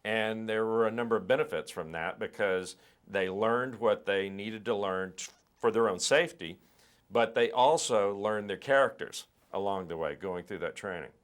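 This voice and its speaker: A middle-aged man with a somewhat low voice, telling stories from a film shoot in a relaxed interview. He explains at length in a thoughtful way and often stops to restart or repeat a word. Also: normal speed, clean tone. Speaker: film director, interview guest.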